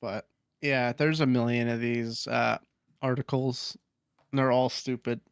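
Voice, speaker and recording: A man's voice: mid-range voice, level tone, unhurried, clear, resonant tone, dry recording. A man hosting a casual gaming podcast, reading forum posts aloud with laughing asides. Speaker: podcast host.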